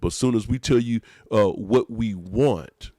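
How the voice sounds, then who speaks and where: A man's voice: lowish voice, unhurried, mellow, no echo, clean studio sound. A man, a pastor hosting a podcast, preaching emphatically in casual talk and repeating his phrases.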